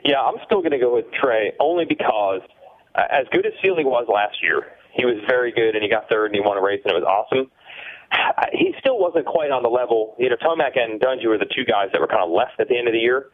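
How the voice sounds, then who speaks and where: A man talking through his sports picks in an even, reasoning way, heard as a co-host. His voice comes through a thin, phone-like line. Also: mid-range voice, fast talker. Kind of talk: casual sports chat.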